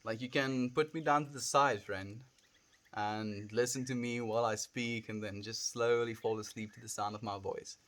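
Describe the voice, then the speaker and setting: A South African man chatting casually on a late-night livestream, rambling softly with many fillers and calling viewers friend. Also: medium pitch, fairly even intonation, normal speed.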